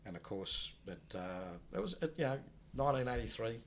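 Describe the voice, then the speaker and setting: A man telling a personal story in a rambling, halting way, often dropping low and quiet. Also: animated, slight background noise. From Australia. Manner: rambling, many restarts, low and subdued when recalling loss. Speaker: guest telling his life story. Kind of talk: casual spoken storytelling.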